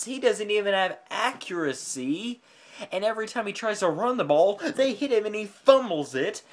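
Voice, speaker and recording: Animated ranting woman sports vlogger. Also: medium pitch, unhurried. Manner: heated and exasperated, swearing freely. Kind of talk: profane sports rant.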